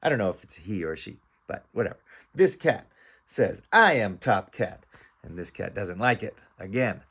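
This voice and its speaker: A man's voice: on the low side, lively intonation, moderate pace, breathy edge. A man teaching reading. He sounds out letters one at a time and then blends them into words. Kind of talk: slow phonics read-aloud lesson.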